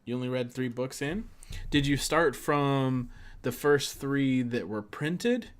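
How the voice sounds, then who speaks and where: A man's voice: mid-range voice, slow, clear, resonant tone. A man gives casual commentary while streaming a video game. He rambles in a chatty way and laughs often, with an ordinary, mid-range voice.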